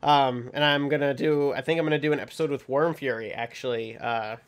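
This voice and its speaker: A man's voice: medium pitch, fairly even intonation, a little fast, clean tone. A man hosting a casual podcast chat about a card game, rambling along with lots of ums. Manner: rambling, many ums, laughs while telling stories. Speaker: podcast host.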